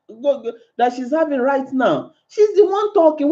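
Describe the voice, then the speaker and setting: A woman's voice: high voice, lively intonation, a little slow, hardly any pauses, dark tone, dull audio. A woman giving an earnest, pleading monologue, repeating her points and rising to exclamations. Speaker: speaker giving advice. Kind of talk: impassioned monologue.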